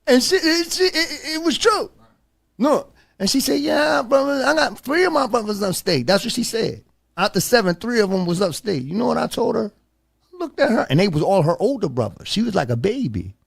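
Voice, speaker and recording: Gravelly, animated man telling a story. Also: high-pitched, a little fast. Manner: animated and emphatic, says "bro" often. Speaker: podcast host. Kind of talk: casual storytelling.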